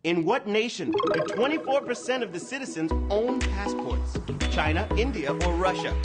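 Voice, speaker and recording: High lively hyped-up trivia host man. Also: moderate pace, loud music behind the voice. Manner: energetic, playful, lots of slang. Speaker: trivia game show host. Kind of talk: hyped livestream hosting.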